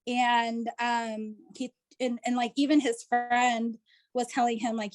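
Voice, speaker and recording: A woman's voice: fairly high pitch, steady tone, unhurried. A woman guest telling a personal story on a video call, chatty and full of fillers. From United States. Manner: chatty, full of "like" and "you know". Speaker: interview guest.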